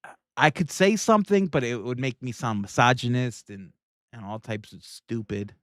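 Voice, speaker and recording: A man's voice: mid-range voice, moderate pace, fairly bright tone, no room sound, clean studio sound. A man hosting a livestream, reacting to video clips in casual, irreverent commentary and laughing often. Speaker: livestream host.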